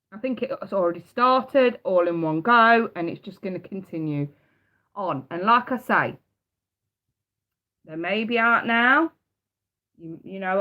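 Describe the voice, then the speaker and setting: Blunt, sweary tarot reader. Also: female voice, mid-range voice. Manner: blunt, heavy swearing, emphatic repetition. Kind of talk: live-streamed tarot reading. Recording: dull lo-fi sound.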